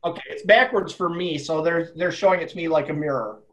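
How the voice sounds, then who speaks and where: A man's voice: a little high, a little fast, a bit bright, slight background noise, rough recording. A man, an author, explaining and dictating a story live to an audience, speaking his punctuation aloud.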